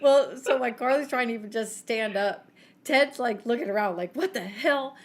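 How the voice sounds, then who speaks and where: A woman's voice: a little high, normal speed. A woman co-hosting a podcast, telling a story in a casual chat and laughing often. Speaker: podcast co-host.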